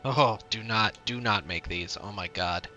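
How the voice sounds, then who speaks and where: A man's voice: on the low side, measured pace, bright, forceful tone, lo-fi sound. A man giving casual gameplay commentary, grumbling and easily frustrated as things go wrong. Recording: game music behind voice.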